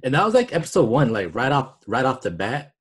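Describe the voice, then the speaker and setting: A podcast co-host chats casually in a husky, mid-range voice with big pitch swings and a brisk pace. He's laid-back and talkative, laughing often and filling his speech with "like."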